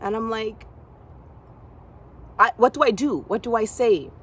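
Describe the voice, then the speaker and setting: A young woman from Canada telling a personal story from her gymnastics past, acting out other people's lines in a higher voice. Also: a little slow, a bit bright, breathy edge.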